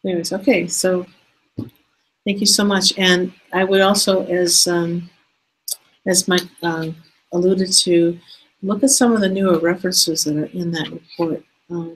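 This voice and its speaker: A woman hosting an online teaching hangout over a video call, speaking in a hesitant, halting way and slowing down to spell out details. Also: on the low side, husky, rough recording. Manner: hesitant, halting speech that slows down to spell things out. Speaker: host of an online teaching session.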